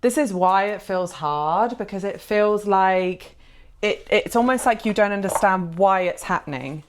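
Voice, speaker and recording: A woman giving a gentle, reassuring pick-a-card tarot reading, heartfelt and full of soft fillers. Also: medium pitch, measured pace. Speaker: tarot reader.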